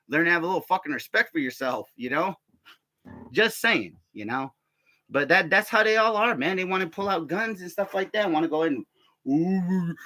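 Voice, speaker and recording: Slightly high and sharp in tone, this middle-aged U.S. Army veteran delivers a loose, rambling monologue of stories. He swears freely and frequently stammers and breaks into laughter.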